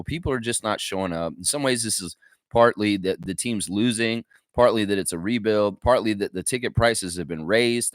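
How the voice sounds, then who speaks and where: A man hosts a daily fan livestream in a loose, opinionated ramble full of "uh"s and restarts. His voice sits at a middle pitch. The sound is dry and close, with no room echo. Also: a bit bright. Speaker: host of a daily basketball fan show. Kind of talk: casual livestream commentary.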